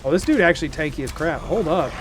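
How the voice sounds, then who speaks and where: A man's voice: fairly high pitch, animated, fast talker, slight background noise. A man giving playful, joking commentary as he streams a game and chats with his viewers. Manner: playful, jokey, talks to chat. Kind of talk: casual gameplay commentary.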